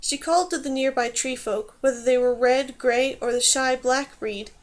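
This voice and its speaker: A woman reading a fantasy novel aloud in steady, clear scripted narration. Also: sits high, normal speed. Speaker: audiobook reader.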